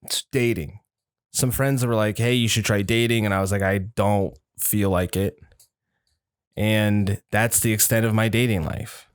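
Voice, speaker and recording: A man's voice: fairly low pitch, steady tone, moderate pace, clear, resonant tone, no room sound, clean studio sound. A young man hosting a podcast, rambling through stories, swearing and acting out quotes in a raised voice. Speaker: podcast host. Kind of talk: casual chat.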